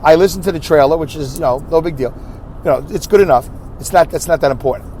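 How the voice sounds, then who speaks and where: Brooklyn guy w new york accent rambling on his podcast, kinda high voice, bit of street noise behind. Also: fast, dark tone. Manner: rambling, chatty, self-correcting with asides. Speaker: podcast host. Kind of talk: casual solo podcast chat.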